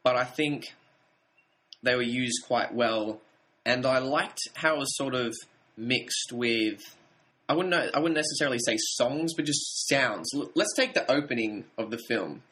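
A man co-hosting a casual film podcast, talking in a thoughtful, measured way with slight hesitations. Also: mid-range voice, fairly bright tone. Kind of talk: casual film review chat.

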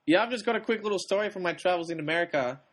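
A man's voice: sits high, rapid-fire, fairly bright tone. A man co-hosting a film podcast, chatting casually with dry teasing humor. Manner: dry teasing, laughs often. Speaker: podcast co-host. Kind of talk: casual chat.

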